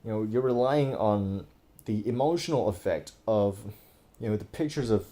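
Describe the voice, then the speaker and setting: A mellow, fairly low-pitched male voice belongs to a Thai political commentator talking indoors over a screen recording. He gives casual, profane, exasperated commentary full of fillers and restarts.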